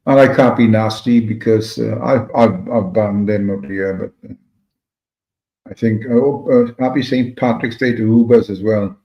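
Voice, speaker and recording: A man's voice: lowish voice, fairly even intonation, normal speed. Welsh man rambling on a livestream. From Wales. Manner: rambling, greets viewers by name. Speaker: livestream host reading chat. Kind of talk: casual chat. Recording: echoey room, dull lo-fi sound.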